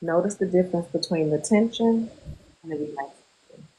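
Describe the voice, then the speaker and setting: A female therapist guides a group through a muscle relaxation exercise, speaking slowly and calmly and pausing between instructions. Her voice sits fairly low, and the audio quality is poor.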